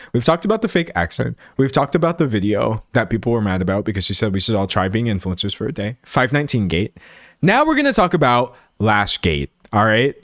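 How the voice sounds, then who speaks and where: A man's voice: lowish voice, no room sound, studio quality. A man from Texas hosting a casual stream, reading chat aloud and laughing often. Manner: animated, laughing, talks to chat. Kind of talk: casual chat reacting to videos.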